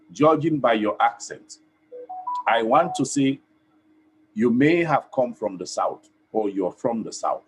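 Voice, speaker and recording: A man from Sierra Leone with a Sierra Leonean accent, giving earnest, emphatic commentary on a live stream in short, paused phrases. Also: lowish voice, husky, poor audio. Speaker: online TV host and activist. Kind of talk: direct-address commentary.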